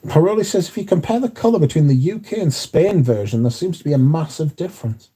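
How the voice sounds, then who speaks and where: A man's voice: on the high side, expressive, quick pace, warm tone, breathy edge. A man hosting a casual livestream, chatting and reading out viewer comments, swearing freely. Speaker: livestream host reading chat. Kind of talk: casual chat.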